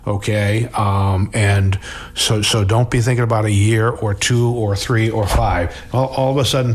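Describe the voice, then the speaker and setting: Speaking in a lowish voice over slight background noise, a middle-aged man who works as a financial advisor responds to interview questions in a conversational manner. He tends to restart words and frequently wraps up a point with "okay?"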